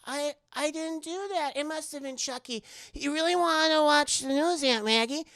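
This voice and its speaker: A man's voice: moderate pace, sharp tone, exaggerated voice. Man doing a sweet little boy's voice. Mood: pleading. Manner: high, childlike sing-song. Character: small boy, sweet and eager.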